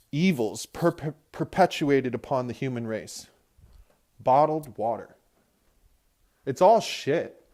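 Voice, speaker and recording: A young man hosts a podcast from his car as he drives, launching into a loose, rambling rant full of nonstop cursing. His voice is slightly high with a darkish tone. Profanity and ranting define his manner.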